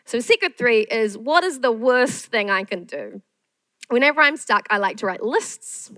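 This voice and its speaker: A woman's voice: fairly high pitch, lively intonation, moderate pace, bright, forceful tone, no echo, low-quality recording. A woman screenwriter giving a candid masterclass talk, frank and self-deprecating.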